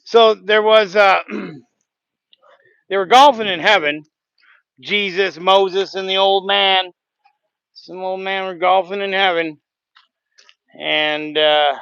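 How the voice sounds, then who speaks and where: A man's voice: sits high, level tone, slow, vocal fry, pauses often, a bit bright, clear, resonant tone, no echo, muffled recording. A man hosting a casual livestream from a sawmill, telling a rambling joke with goofy sound effects. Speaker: sawmill worker and livestream host. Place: outdoors at a sawmill.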